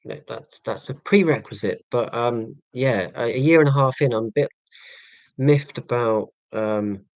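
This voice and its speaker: A medium-pitched, slightly mellow male voice at a measured pace, recorded lo-fi with no echo. The speaker, an English man in his forties with a Hampshire accent, banters casually on his live stream, rambling, self-deprecating and sarcastic, with frequent ums and restarts.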